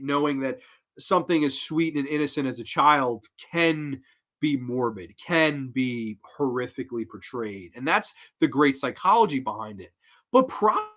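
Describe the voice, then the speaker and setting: A man in his twenties reviewing a horror film in a casual, excitable way, swearing freely. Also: a little high, lo-fi sound.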